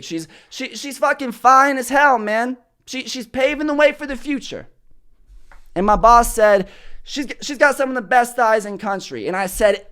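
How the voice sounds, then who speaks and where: A man hosting a comedy podcast, telling stories in a loud, prominent voice that carries, with plenty of cursing. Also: high voice, clean tone. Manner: animated storytelling with cursing. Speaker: podcast host. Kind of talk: comedic monologue. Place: studio.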